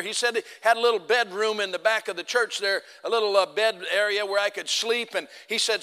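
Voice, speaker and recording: A man preaching, telling a story with lively quoted voices and loud outbursts. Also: sits high, a little fast, long reverb tail. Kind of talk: sermon storytelling.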